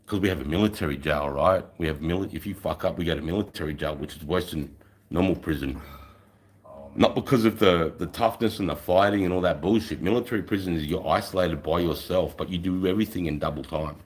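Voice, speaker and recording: A man's voice: low voice, brisk. A middle-aged man with an Australian accent telling a rambling story on a livestream, swearing freely and tagging lines with "right?". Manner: swearing, rambling, tags 'right?'. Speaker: livestream host. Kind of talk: casual storytelling.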